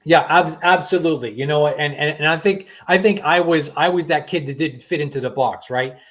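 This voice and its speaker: A man's voice: on the high side, fairly quick, fairly bright tone. A middle-aged man hosting a talk show, speaking earnestly and often repeating words as he starts a thought. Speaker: host. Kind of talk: conversational talk show chat.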